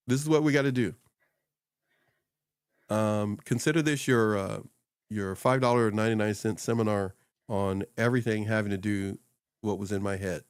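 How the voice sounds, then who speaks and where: A man co-hosting a casual talk show, rambling and animated, laughing often and putting on voices when he quotes people. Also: on the low side, clear, resonant tone, dry recording, studio quality. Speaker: podcast co-host and social media coach. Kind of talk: casual chat. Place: small home studio upstairs.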